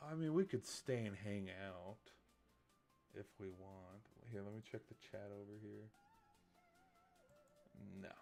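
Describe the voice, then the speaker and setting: A man's voice: on the low side, slow, long pauses, darkish tone, faint music behind. A tired man chatting casually on a late-night livestream, rambling and getting heated, with lots of filler words and restarts. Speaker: streamer.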